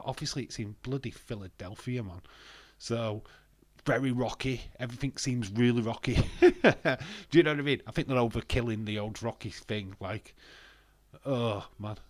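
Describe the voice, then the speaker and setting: Excitable man on a live stream. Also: mid-range voice, dry recording. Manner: excitable, laughing, swearing, chatty. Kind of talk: casual live stream chat reading viewer comments.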